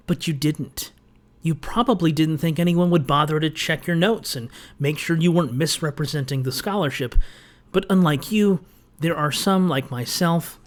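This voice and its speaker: Sarcastic man delivering a pointed rebuttal. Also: fairly high pitch. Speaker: video essayist. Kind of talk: scripted rebuttal commentary.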